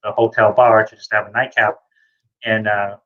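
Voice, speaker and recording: Excitable middle-aged man, muffled lo-fi audio. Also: lowish voice, moderate pace. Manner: excitable storyteller, acts out voices. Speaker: comics creator, co-host. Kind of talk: casual video chat, anecdote telling.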